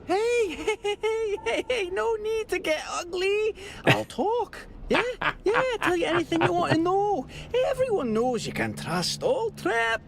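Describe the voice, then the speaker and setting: A man's voice: very high voice, big pitch swings, measured pace, hardly any pauses, background noise, heavily acted. An actor playing a shifty, nervous male smuggler in a video game, with a Scottish accent and an evasive, pleading way of talking. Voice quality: gravelly, nervous laughter. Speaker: game character.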